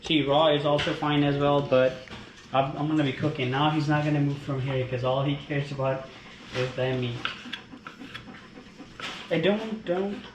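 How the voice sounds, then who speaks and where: A man's voice: fairly high pitch, flat delivery, normal speed. A man chatting casually at home, explaining step by step how he prepares his dog's treats. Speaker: dog owner and trainer. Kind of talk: casual home cooking vlog. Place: home kitchen. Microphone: camera held by a helper. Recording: echoey room with background noise.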